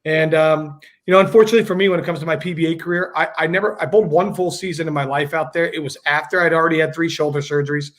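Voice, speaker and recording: A man's voice: a little high, fairly even intonation, racing, few pauses, a bit bright. A man guest on a casual video-call chat, talking in a rambling way with many fillers and restarts. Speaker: guest bowler.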